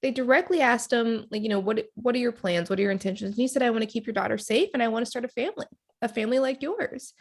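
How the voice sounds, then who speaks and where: A woman's voice: fairly high pitch, fast. A woman guest on a podcast, animatedly retelling reality show scenes and acting out the quotes, often laughing. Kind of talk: casual chat recap.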